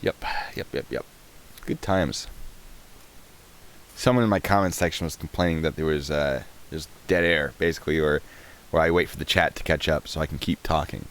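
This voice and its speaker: A man's voice: very deep voice, moderate pace, fairly bright tone. A man in his thirties hosting a live stream, chatting casually and rambling while answering chat questions.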